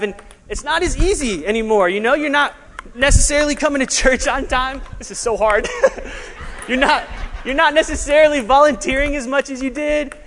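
A man preaching an animated sermon as a pastor, laughing at himself and sometimes short of breath. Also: very high-pitched. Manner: animated, laughing asides, juggling while preaching. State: out of breath at times. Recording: long hall reverb.

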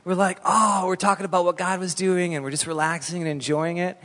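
A middle-aged man preaching a sermon as a pastor, telling stories in an animated, conversational way. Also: high voice, fast talker. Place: church hall. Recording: long reverb in a church hall.

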